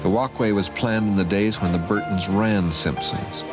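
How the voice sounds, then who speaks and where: A man's voice: lowish voice, steady tone, moderate pace, low-quality recording. A man reading scripted documentary narration in a matter-of-fact manner. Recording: loud music under narration.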